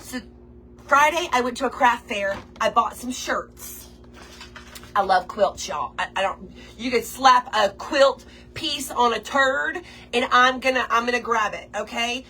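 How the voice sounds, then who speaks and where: Bubbly woman, bright and high. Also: a little slow, slight background noise. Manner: bubbly, folksy, greets viewers by name. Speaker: craft livestream host. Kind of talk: chatty livestream greeting viewers.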